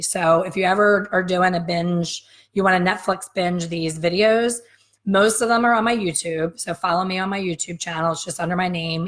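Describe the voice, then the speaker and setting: A woman's voice: fairly low pitch, fairly bright tone. A woman in her fifties, a hair color educator giving a frank, emphatic live coffee-chat lesson straight to her viewers.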